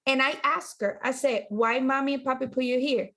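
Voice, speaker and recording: Woman, podcast co-host, casual storyteller, fairly high voice. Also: a little fast, creaky, fairly bright tone. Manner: storytelling, acts out her daughter's lines. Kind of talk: casual chat.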